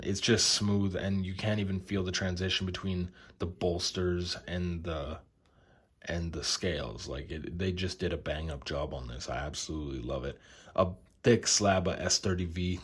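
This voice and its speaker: A young man casually showing his knife collection, relaxed and enthusiastic, with lots of fillers. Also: sits low, husky. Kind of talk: casual show-and-tell.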